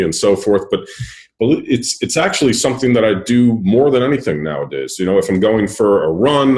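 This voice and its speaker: A man's voice: low voice, darkish tone. A man hosting an interview, affirming and reflective in his replies. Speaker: podcast host. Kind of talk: conversational interview.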